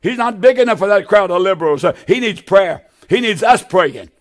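A man preaches a televised sermon in a high-pitched, expressive, brisk voice. Fervent and pleading, he exhorts his listeners, repeating his appeals over and over.

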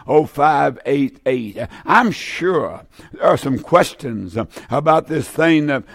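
A gravelly male radio preacher with a slightly raised pitch delivers an emphatic sermon, hammering home repeated phrases. The sound is dry and close, with no room around the voice. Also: no echo. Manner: repetitive, emphatic preaching with frequent restarts. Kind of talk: broadcast sermon with call-in number.

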